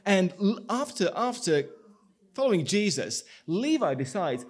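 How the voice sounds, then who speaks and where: Lively-voiced man preaching a sermon. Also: high-pitched, measured pace. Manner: animated storytelling with acted-out dialogue. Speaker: pastor.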